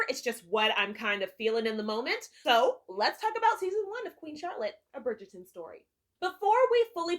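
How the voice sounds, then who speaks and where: Woman reviewing a show on her channel, kinda high bright voice, blunt, swears a lot. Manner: candid, swears freely, emphatic. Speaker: TV review vlogger. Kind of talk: casual on-camera review.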